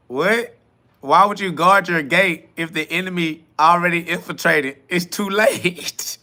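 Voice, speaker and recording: A man's voice: a little high, normal speed, bright, forceful tone. Laughing, mocking man ranting on a live stream. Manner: laughing, mocking, profane, preachy. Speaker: podcast host reading live comments. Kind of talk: live-stream self-talk rant.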